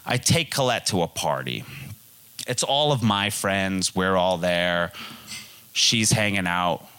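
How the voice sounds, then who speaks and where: A man's voice: on the low side, pushed and bright. A man in his twenties from the Boston area, telling a comic personal story on stage with big swings for punchlines and quoted voices. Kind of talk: live comedic storytelling.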